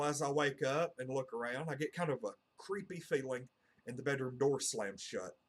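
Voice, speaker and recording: A man with a drawl, speaking at a middle pitch and talking straight to camera. He tells his story in an earnest, rambling way, full of "uh" and "you know.". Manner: earnest, meandering, heavy on fillers like "uh" and "you know". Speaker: channel host.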